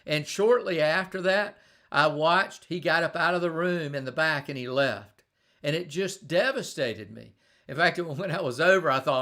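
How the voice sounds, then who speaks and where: A man's voice: fairly high pitch, moderate pace, bright, forceful tone. A middle-aged man giving a conversational live-streamed leadership talk, telling stories and often repeating and restarting words. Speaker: leadership speaker.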